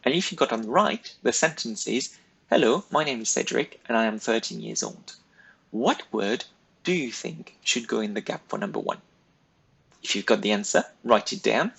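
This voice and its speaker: A man's voice: fairly low pitch, animated, moderate pace, fairly bright tone, rough recording. A man teaching a recorded French lesson, giving patient, step-by-step instructions to pupils. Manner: patient, step-by-step, clearly paced directions to pupils.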